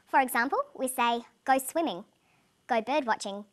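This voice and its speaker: Presenting a scripted English lesson, a female teacher with a fairly high voice speaks clearly and carefully, enunciating every word at a measured pace for her learners.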